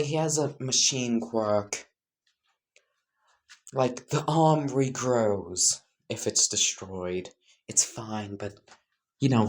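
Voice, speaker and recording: A woman casually narrating a made-up fan story, rambling, correcting herself and laughing at her own jokes. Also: a bass voice.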